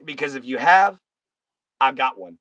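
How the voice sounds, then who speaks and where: A man's voice: medium pitch, animated, moderate pace, a bit bright, dry recording. Blunt folksy man chatting to his viewers. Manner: blunt, folksy, talks straight to chat. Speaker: live-stream host. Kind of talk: casual live-stream chat.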